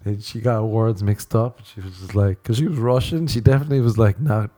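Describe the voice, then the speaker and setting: A man's voice: on the low side, a little fast, warm tone. A young man hosting a solo comedy podcast, telling a rambling, profane story and laughing as he goes. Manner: rambling, profane, laughs through his own stories. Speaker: podcast host.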